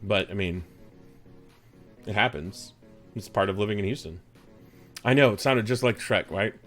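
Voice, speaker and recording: Speaking at a moderate pace in a lowish, slightly bright voice, a Texan-accented man runs a live stream set to background music. His talk is chatty, rambling and full of jokes, and he greets viewers by name.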